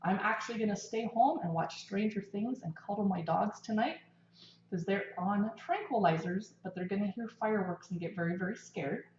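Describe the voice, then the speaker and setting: A woman's voice: medium pitch, normal speed, darkish tone, a little hiss or hum. Chatty woman cooking live in an echoey kitchen. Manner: chatty, talks while eating and cooking. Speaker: livestream cooking host. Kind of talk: casual livestream cooking chat. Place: home kitchen. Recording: echoey kitchen, slightly dull sound.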